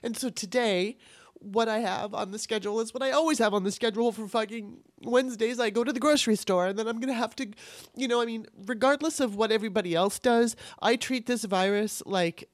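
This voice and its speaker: A woman hosting her podcast alone, upset and tearful, talking candidly with frequent swearing and halting restarts. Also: fairly high pitch, no room sound. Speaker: podcast host. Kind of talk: emotional solo podcast monologue.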